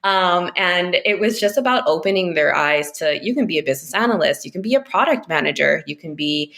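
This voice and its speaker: A woman with a low voice is chatting as a podcast guest. She talks quickly and informally, filling her sentences with "like" and "um". She laughs easily. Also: expressive, creaky, fairly bright tone. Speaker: podcast guest, business analyst. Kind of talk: casual interview chat.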